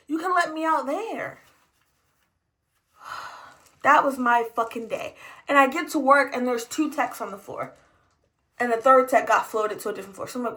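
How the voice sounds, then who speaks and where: A young woman rants through a storytime, exasperated and swearing freely. Her voice sits high and sounds bright and sharp. She talks casually, like a hospital tech venting after a shift. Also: low-quality recording. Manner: exasperated, profane, fast ranting. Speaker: emergency department tech.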